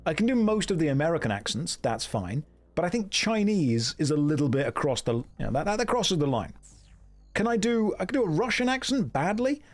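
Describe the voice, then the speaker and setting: A man's voice: on the high side, very animated, fairly quick. A man streaming a game and chatting casually with his viewers in a joking manner, from a home setup with a desk mic. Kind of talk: casual gameplay commentary.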